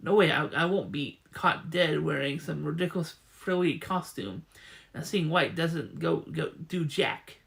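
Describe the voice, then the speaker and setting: A man's voice: a little high, measured pace, creaky, a bit bright. A man reading the lines of a defiant teenage boy hero in a comic, blunt and stubborn.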